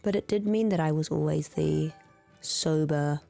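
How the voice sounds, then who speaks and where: Soft, throaty woman streamer. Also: low-pitched, a little slow, faint music behind. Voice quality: throaty, slightly hoarse. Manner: quiet, giggly, chatty. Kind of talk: casual chat with viewers. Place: home streaming room. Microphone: close streaming mic.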